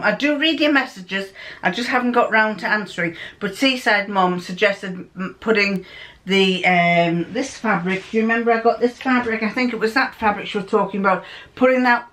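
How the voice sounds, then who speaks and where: A woman's voice: mid-range voice, a bit bright. A woman vlogger in casual chat, chatty and scattered, often stopping to correct herself.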